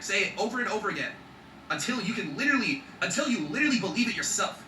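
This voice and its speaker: A man's voice: high-pitched, expressive, quick pace, sharp tone, echoey room, recorded from a distance, slight background noise, low-quality recording. A man talking in an emphatic motivational vlog, swearing freely and checking in with his viewers. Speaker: vlogger.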